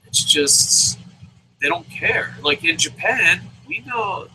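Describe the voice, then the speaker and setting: A man reviewing a wrestling show in a casual, profane, opinionated rant, mocking others with quick impressions. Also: sits high, animated, sharp tone, a little hiss or hum, rough recording.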